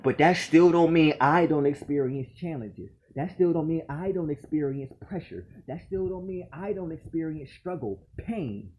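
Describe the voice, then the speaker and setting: A man with a fairly high voice rants straight to his camera. He is aggrieved and swears freely, hammering the same lines over and over. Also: normal speed, few pauses, darkish tone, muffled recording, a little hiss or hum. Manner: aggrieved and profane, repeating his points. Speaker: vlogger. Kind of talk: ranting monologue to camera.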